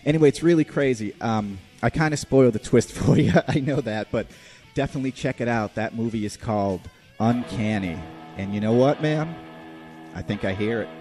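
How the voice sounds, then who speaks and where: A man's voice: mid-range voice, brisk, dark tone, soft background music. A man hosting a casual podcast, reviewing a movie in a rambling, profane way with lots of fillers. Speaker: podcast host.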